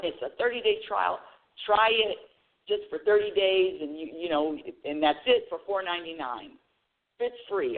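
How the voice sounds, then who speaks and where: Lady radio host telling a story, pitch jumping all over, thin phone-line sound, keeps restarting her sentences. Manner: animated storytelling, addresses audience directly; many restarts and repeated words. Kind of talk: spiritual talk radio monologue.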